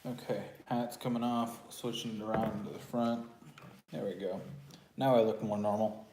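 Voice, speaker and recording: A man's voice: fairly low pitch, steady tone, moderate pace, noisy background. A man with a Texan accent hosting a live stream from home, chatting and teasing casually, throat a bit sore. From Texas. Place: home room with house lighting. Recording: echoey room.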